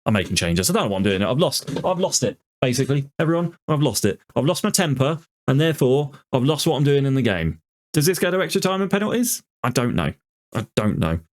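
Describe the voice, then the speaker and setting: A man's voice: mid-range voice, very animated, quick pace. A man commentating on his football management game, ranting in exasperation about it. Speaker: gaming YouTuber.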